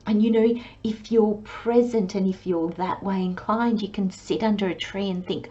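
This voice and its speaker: Woman tarot reader, soft and dreamy, drifting into whispers, mid-pitched voice, slightly dull recording with faint hiss. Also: steady tone, measured pace. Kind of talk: channelled tarot reading.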